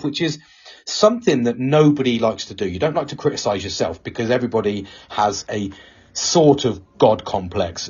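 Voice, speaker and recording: A man's voice: medium pitch, a little mellow, breathy edge. A man hosting a live talk show, speaking candidly with lots of swearing and rambling restarts. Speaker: podcast host. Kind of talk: casual chat. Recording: dull lo-fi sound.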